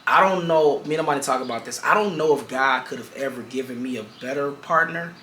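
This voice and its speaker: A man's voice: medium pitch, quick pace, pushed and bright, reverberant, a little hiss or hum. A man, a musician and co-host, chatting casually in an earnest, openly emotional way. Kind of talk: casual chat.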